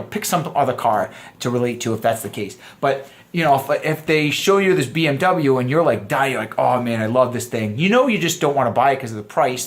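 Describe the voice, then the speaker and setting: A man teaching a dating course in a loose, conversational way, often acting out sample lines. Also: on the high side. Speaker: dating coach. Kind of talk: casual course lecture.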